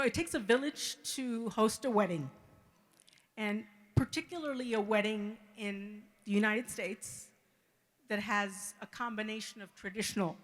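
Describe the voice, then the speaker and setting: A middle-aged woman, the bride's mother, giving an emotional wedding reception speech, halting and repeating words as she thanks the guests. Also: mid-range voice.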